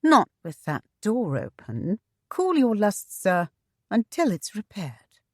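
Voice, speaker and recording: A woman's voice: medium pitch, very animated, slow pace, no echo, voice pushed up. A woman voicing a spirited young heiress who talks impishly and teasingly, in a dry recording. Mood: playful.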